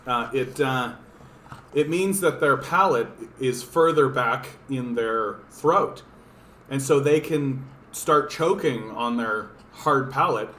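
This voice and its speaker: A man hosting a casual home livestream, chatting to viewers and cooing softly to his pet dog. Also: mid-range voice. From Canada. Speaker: livestream host. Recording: roomy echo, faint room noise.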